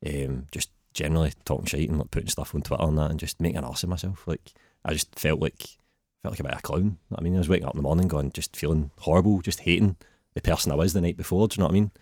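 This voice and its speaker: A young man with a strong Glaswegian accent chats casually as a podcast guest. His voice sits very low, and he rattles through his anecdotes at a quick, easy clip over a dry, close sound. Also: fairly even intonation, darkish tone, no room sound. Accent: Scottish, Glaswegian. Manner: laid-back, chatty storytelling. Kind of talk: casual chat.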